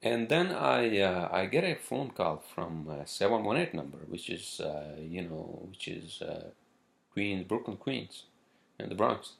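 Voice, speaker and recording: Brief: male solo host, gravelly voice, loose profane rambling. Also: deep voice, lively intonation, slight background noise. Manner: rambling, profane, halting with fillers. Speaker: podcast host. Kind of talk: casual solo monologue.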